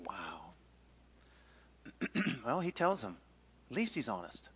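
A man's voice: medium pitch, measured pace, long pauses, slightly rough. A man teaching a Bible story in a casual, playful way, acting out scenes and joking along the way. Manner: animated, playful, acts out the story with jokes.

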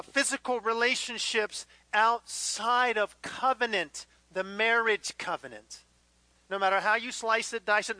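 Male pastor, high and sharp-toned, chatty sermon delivery, dry close sound. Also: no room sound, rough recording. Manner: conversational, acts out little dialogues with the congregation. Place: church hall with live congregation.

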